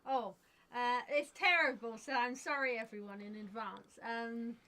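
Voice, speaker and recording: A woman's voice: a little high, steady tone, unhurried, bright, forceful tone, a little hiss or hum, low-quality recording. A woman with a southern English accent co-hosting a casual stream, giggly and self-deprecating. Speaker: co-host.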